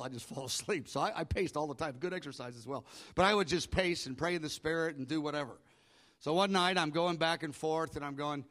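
A middle-aged male pastor telling a personal story in a sermon, acting out his own prayers and often dropping to a hushed voice. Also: fairly high pitch.

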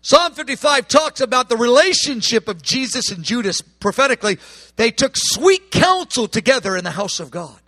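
A man preaching a sermon with passion, acting out quoted voices and swinging from hushed tones to shouts. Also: extremely high pitch, very animated, normal speed, no room sound.

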